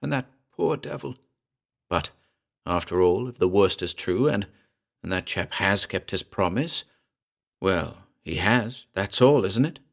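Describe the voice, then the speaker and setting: A man's voice: sits low, unhurried. A man reading aloud, voicing a frightened young man whose voice rises and trembles. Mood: hushed, fearful. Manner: urgent, voice rising and trembling.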